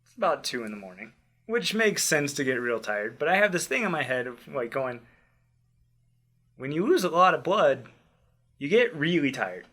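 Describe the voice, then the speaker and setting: A young man casually telling a personal story, acting out quotes and dropping quiet in tense moments. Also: on the high side, normal speed, pauses often. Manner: animated, acts out quotes loudly then drops to quiet. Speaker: podcast host telling a story.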